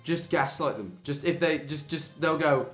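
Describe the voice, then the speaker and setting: A man's voice: on the high side, fairly bright tone, reverberant, faint music behind. A young man in his twenties with an English accent, co-hosting a stream and giving joking advice to callers. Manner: joking, quick banter. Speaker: streamer co-host. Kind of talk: casual advice chat.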